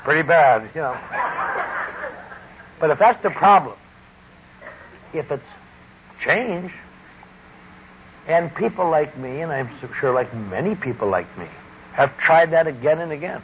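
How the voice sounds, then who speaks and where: A middle-aged man speaking deliberately and wryly, giving a personal testimony talk about recovery. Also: a little high, lively intonation. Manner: deliberate, wry, emphatic speaking. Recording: dull lo-fi recording with faint hiss.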